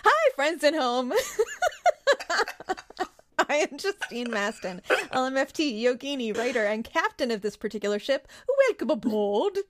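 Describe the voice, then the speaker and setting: Woman therapist hosting a podcast, playful, bouncy lively voice. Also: fairly high pitch, normal speed, pauses often, a little hiss or hum. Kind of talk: casual podcast chat.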